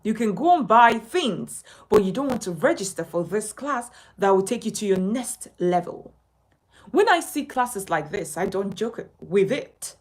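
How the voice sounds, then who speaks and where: A woman's voice: mid-range voice, lively intonation, a little slow, poor audio. A woman from Nigeria with a Nigerian accent, a communication coach urging viewers emphatically to sign up for her class and repeating her points. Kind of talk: direct-to-camera class promotion.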